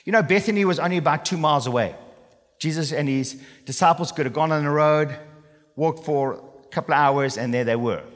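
A man's voice: fairly high pitch, brisk. A man preaching a sermon as a pastor, earnest and emphatic, often checking in with his listeners. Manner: earnest, emphatic, asks for assent with "okay?". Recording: long reverb in a large hall.

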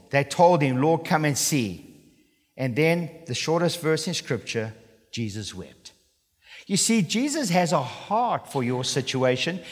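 A man preaching a sermon as a pastor, earnest and emphatic, often checking in with his listeners. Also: on the high side. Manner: earnest, emphatic, asks for assent with "okay?". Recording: long reverb in a large hall.

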